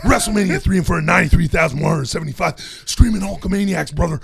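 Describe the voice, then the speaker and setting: A man doing a boastful male pro wrestler who drawls low and tags lines with "brother" and "dude," sometimes mumbled and sometimes shouted. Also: fast talker, creaky. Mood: hyped, shouting.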